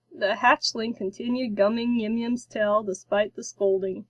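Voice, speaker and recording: A woman narrating a children's storybook in a slow, careful reading. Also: mid-range voice, no room sound, muffled recording.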